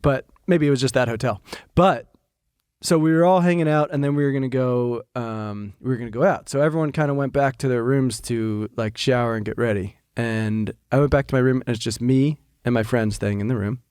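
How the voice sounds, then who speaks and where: A man's voice: mid-range voice, brisk, a little mellow, smooth, dry recording, clean studio sound. A man co-hosting a podcast, telling a story in a chatty, casual way and swearing freely. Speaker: podcast co-host. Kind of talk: casual chat.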